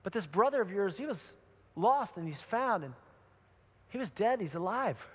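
A man's voice: high-pitched, very animated, normal speed. A man preaching and voicing a forgiving father who greets his lost son with joy, in an echoey hall. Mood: tender. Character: overjoyed forgiving father, middle-aged man.

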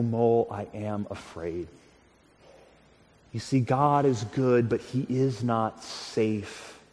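Male pastor, mid-pitched, earnest and conversational sermon delivery, long hall echo. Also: a little mellow. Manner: earnest, conversational, with frequent restarts and repeated words.

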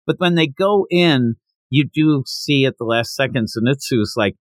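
Animated man recapping a story. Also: medium pitch, moderate pace, no room sound. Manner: animated storytelling, retells dialogue, laughs. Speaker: podcast host. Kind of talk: casual manga chapter recap.

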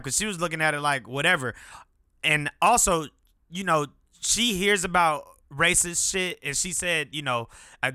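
A man's voice: on the high side, bright, forceful tone, dry recording, clean studio sound. A man in his thirties hosting a solo podcast, telling a story in a casual, profane way that keeps flaring into irritation. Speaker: podcast host. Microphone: podcast mic without headphones.

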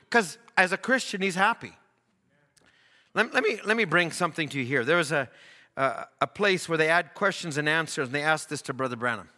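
A man's voice: on the high side, lively intonation, fairly quick, bright, forceful tone. A man preaching a sermon earnestly, building emphasis through rhythmic repetition. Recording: long reverb of a church hall.

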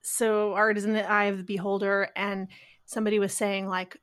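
A woman's voice: mid-range voice, little pitch movement, a little fast. A woman co-hosting a podcast in casual conversation, talking in a rambling, reflective way and often trailing off mid-thought. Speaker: podcast co-host.

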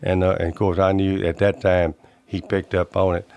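A man, telling his memories in a folksy, halting way as an interview guest. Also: low voice, flat delivery, darkish tone, clear, resonant tone. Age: 80s. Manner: plainspoken, folksy, halting storyteller. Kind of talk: recounting personal memories.

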